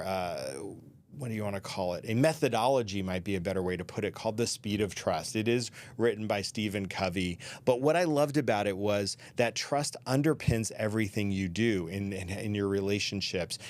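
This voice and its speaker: A middle-aged man hosting a career advice talk, speaking conversationally with asides and restarts. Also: fairly low pitch. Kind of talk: solo advice talk to camera.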